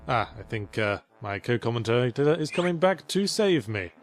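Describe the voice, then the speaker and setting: A man's voice: medium pitch, very animated, moderate pace, hardly any pauses, faint music behind. A man giving dry, sardonic co-commentary over a video game. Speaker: let's play co-commentator. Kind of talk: dry mock-documentary commentary.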